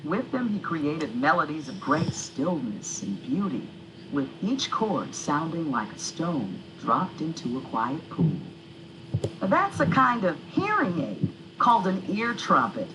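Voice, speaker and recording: A woman giving scripted educational narration as the guide in a video game, with a clear, storybook-like delivery. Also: deep voice, sing-song, unhurried. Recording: game audio with background noise.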